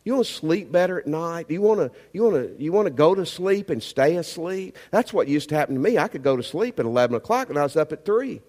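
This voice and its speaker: A man preaching a sermon as pastor, emphatic and animated, asking the congregation rhetorical questions. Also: a little high, fast, few pauses, in a large hall.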